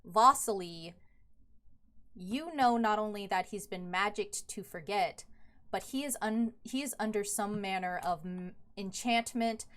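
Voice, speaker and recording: Woman DM, mid-range voice, relaxed, jokey table narration. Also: mid-range voice, unhurried. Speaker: dungeon master.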